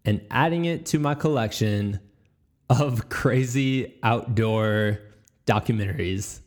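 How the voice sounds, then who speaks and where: Male podcast host, middle pitch, slow casual rambling delivery. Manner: rambling, laughs easily, trips over words.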